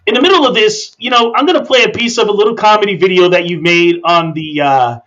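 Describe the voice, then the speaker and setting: A man's voice: sits high, fast, fairly bright tone, lo-fi sound. A man hosting a podcast, chatting casually and emphatically with his guest. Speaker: podcast host. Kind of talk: casual interview chat.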